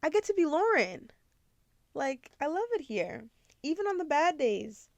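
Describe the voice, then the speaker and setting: A woman's voice: high-pitched, sing-song, a little slow, creaky, no echo. A woman in her twenties hosting a podcast, talking candidly and rambling with lots of fillers. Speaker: podcast host. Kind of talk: casual confessional chat.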